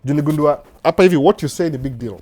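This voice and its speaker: A man with a Kenyan accent hosting a casual live Q&A, animated, often repeating "no, no" and laughing. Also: a little high, rapid-fire. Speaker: livestream host answering viewer questions. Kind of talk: casual live Q&A, mixing Swahili and English. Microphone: desk microphone with computer setup.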